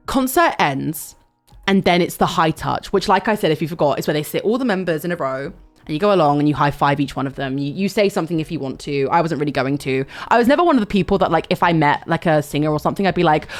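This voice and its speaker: A young woman, telling a story to her stream in a loud, animated way, with swearing and sudden shouts. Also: lowish voice, quick pace, faint music behind. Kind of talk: casual storytelling chat.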